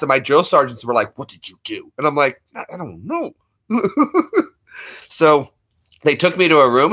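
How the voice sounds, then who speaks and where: A man in his thirties with a slightly high, bright, forceful voice co-hosts a casual livestream. He tells stories in a joking way and laughs often.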